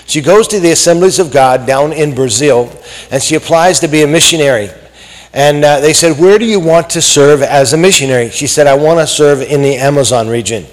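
A man preaching a sermon, telling a story with lively acted-out quotes and some fillers. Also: a little high, a little fast, big-room sound, rough recording.

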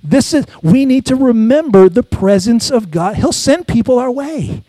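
A middle-aged pastor preaches in a high, light man's voice, pausing to draw amens from the congregation. The sound is close and dry, with no room echo. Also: animated, dark tone. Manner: call-and-response preaching, asks congregation for amens. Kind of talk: sermon with personal stories.

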